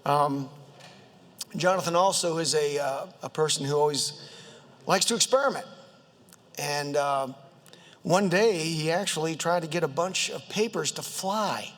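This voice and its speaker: A man with a Southern accent introducing a colleague in a humorous floor speech, halting with many fillers and jokes, his voice high and a bit squeaky. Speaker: state legislator introducing a colleague. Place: state house chamber. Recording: long reverb of a legislative chamber.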